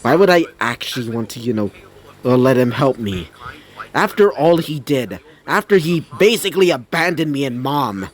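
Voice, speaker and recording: A man voicing a sullen teenage boy who is the son of a monster mother, speaking in a low, cold, grumbling tone and cursing. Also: expressive, moderate pace, lightly acted. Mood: grumpy.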